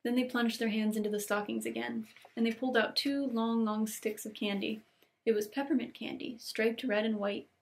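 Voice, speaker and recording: Woman, young adult, book host reading aloud; slightly high, gravelly, gentle and unhurried. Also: fairly even intonation. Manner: gentle, unhurried reading, lingering on cozy details. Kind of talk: storybook read-aloud with casual asides.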